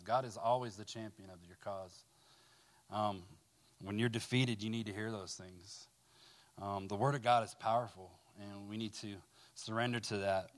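A man sharing a personal recovery testimony, speaking haltingly with fillers and repeated words, then reading scripture aloud with rising fervor. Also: fairly low pitch, fairly even intonation.

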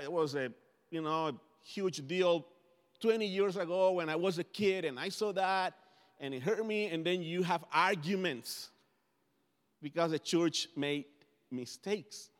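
A man's voice: fairly high pitch, a little slow, smooth. A man whose first language is Spanish, preaching a conversational sermon as pastor, often restarting his phrases. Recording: long hall reverb.

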